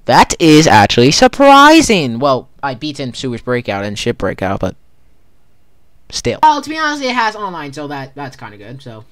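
While playing a horror game, a gamer gives casual commentary, stammering and panicking and repeating words in rapid bursts. The voice is medium-pitched and a bit bright, with huge pitch swings.

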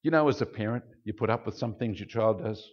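A man preaching a sermon as pastor, explaining scripture and acting out quoted speech with big jumps in pitch. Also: fast talker, a little mellow. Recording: dull lo-fi sound.

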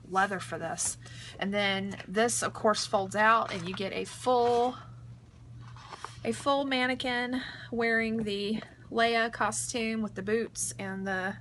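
Bright-voiced chatty young woman vlogging. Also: medium pitch, a little hiss or hum. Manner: chatty, filler-heavy, enthusiastic. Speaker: vlogger reviewing a book. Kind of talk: casual book review chat. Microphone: camera mic.

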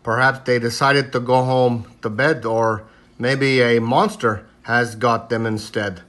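A man voicing a worried, bragging father bear in a storybook, speaking slowly with halting fillers. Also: mid-range voice, steady tone, a bit bright, natural voice. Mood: anxious.

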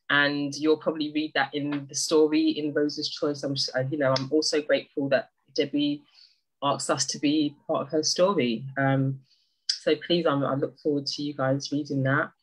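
A woman speaking on a video call, giving an emotional, halting thank-you to a friend and neighbour, often apologising and restarting. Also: low voice, flat delivery, poor audio.

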